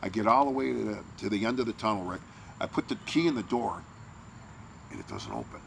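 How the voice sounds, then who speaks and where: A man who works as a morning radio DJ, telling an animated backstage story and acting out the people in it. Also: lowish voice, a little fast, gravelly, noisy background. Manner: animated storyteller, acts out quotes.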